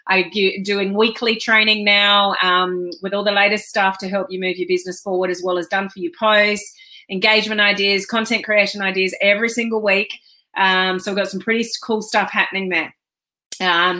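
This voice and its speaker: Bright, chatty woman hosting a live stream. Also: mid-range voice. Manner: chatty and rambling, with frequent ums. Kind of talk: casual live-stream chat.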